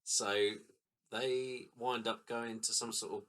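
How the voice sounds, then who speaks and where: A man's voice: medium pitch, level tone, slow, a bit bright. A man co-hosting a casual film podcast, easygoing and thinking aloud as he tries to recall scenes. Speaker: podcast co-host. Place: recording room.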